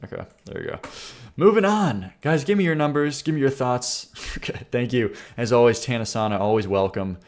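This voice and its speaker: A man's voice: medium pitch, expressive, brisk. A man hosting a live stream, casually reacting to viewers' songs with wry sarcasm, laughing asides and mumbled muttering. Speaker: streamer reviewing viewer song submissions.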